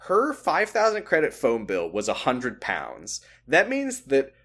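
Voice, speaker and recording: A man's voice: mid-range voice, unhurried. A man co-hosting a podcast, recapping a TV episode in casual chat and acting out the characters' lines. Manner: lively, animated storytelling with quoted voices. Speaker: podcast co-host.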